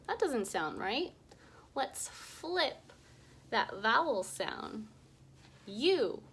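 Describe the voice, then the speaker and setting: Slow, lively woman teaching phonics. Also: a little high, a little hiss or hum. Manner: slow, exaggerated sounding-out of vowels. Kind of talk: early reading lesson for young children.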